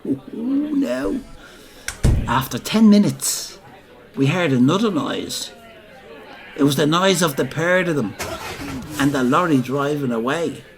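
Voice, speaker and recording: Older pub storyteller, Dublin accent, rambling, drawn-out pace, lively pitch. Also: male voice. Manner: rambling, colloquial, conspiratorial asides. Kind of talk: theatrical comic monologue.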